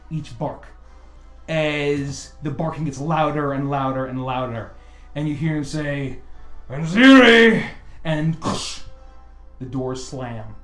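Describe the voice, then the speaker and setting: A man narrating a tabletop game as game master, slow and hesitant with many fillers. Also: on the high side. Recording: roomy sound with faint music.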